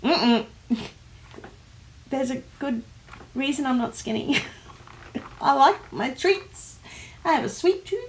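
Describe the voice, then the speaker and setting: An Australian woman hosting a casual livestream, chatting and reading out comments, animated, with frequent laughs and fillers. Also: high voice, slow, pauses often, a little hiss or hum. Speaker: host of a planner livestream. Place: home office.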